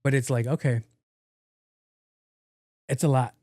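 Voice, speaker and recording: A man hosts his own podcast, talking loosely and bluntly with plenty of swearing and jokes. His voice is warm and mellow. The sound is dry and close, with no room around it. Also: mid-range voice, fairly even intonation, unhurried, no echo. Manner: blunt, profane, joking, acts out quoted voices. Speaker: podcast host. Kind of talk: casual solo podcast chat.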